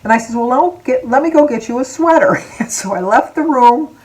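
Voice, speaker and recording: A woman's voice: high voice, lively intonation, brisk, a little mellow, rough recording. Older woman vlogger, sixties, rambling personal story told casually to camera, teary and chatty. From Michigan, USA. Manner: chatty and rambling, drifting off topic with asides and laughs; emotional, close to tears.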